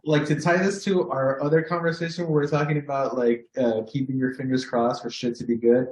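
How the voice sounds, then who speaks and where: A man with a Southern Californian accent, co-hosting a podcast in casual chat, animated, swearing often and acting out his reactions. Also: mid-range voice, fairly quick. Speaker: podcast co-host. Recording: echoey room.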